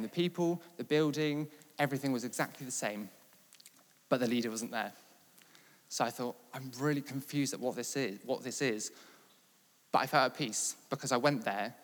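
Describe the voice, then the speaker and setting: English guy preaching in a big church, echo hanging in the hall, gets loud telling his story. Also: medium pitch, normal speed. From England. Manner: storytelling, rises loud and animated in dialogue. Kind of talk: sermon testimony. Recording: long reverb of a large hall.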